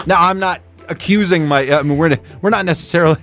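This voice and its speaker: A man co-hosting a comedy podcast, rambling in animated casual chat with casual swearing. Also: fairly high pitch, fast, faint music behind. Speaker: podcast co-host.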